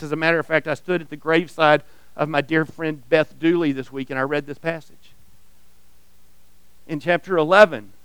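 A man preaching a sermon as pastor, earnest and expressive, often repeating a word as he restarts. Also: on the high side, clear, resonant tone, no room sound. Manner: earnest, reads aloud expressively, repeats words when restarting.

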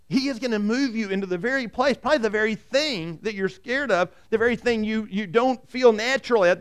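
A man preaching a sermon with a fairly high voice. He is animated, often acts out quoted voices, and keeps asking the congregation rhetorical questions. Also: clear, resonant tone. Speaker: pastor.

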